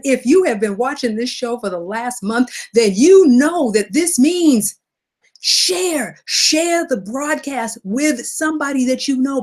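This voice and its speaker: A woman hosting a live money broadcast, upbeat and energetic, repeating phrases for emphasis and greeting viewers by name. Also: high voice. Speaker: host of a live wealth broadcast. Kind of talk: upbeat live-stream talk.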